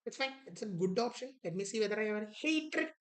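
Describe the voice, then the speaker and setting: A woman's voice: mid-range voice, lively intonation, fast, poor audio. A woman, teaching an online exam prep lesson, repeating key words and acting out an author's attitude.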